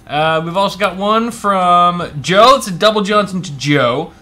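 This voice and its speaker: A man's voice: high voice, a little slow, pushed and bright. A man co-hosting a live tech show, joking playfully and laughing often as he thanks viewers. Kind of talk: casual live-stream chat.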